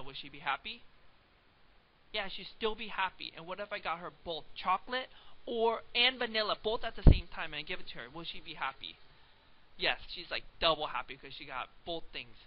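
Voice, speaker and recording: A man's voice: high-pitched, expressive, brisk. A young man teaching math in a casual, joking lecture, asking viewers questions as he goes. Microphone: webcam microphone. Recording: dull lo-fi home webcam recording with faint hiss.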